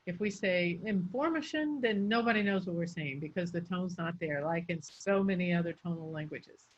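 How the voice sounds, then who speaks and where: A middle-aged woman who coaches pronunciation, explaining stress and intonation as a guest in a clear, teacherly way with deliberate pauses before key words. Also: on the low side. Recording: slightly dull, lo-fi sound.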